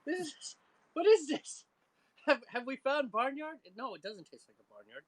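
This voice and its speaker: Animated woman chatting and laughing. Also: high voice, normal speed. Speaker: homebrew show co-host. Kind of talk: casual live-stream chat.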